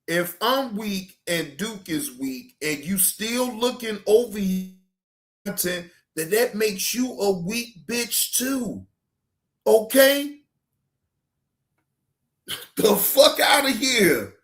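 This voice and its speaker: Male host, very high and bright voice, slow heated profane rant, often yelling. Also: expressive, echoey room. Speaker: reaction channel host. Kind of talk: ranting commentary.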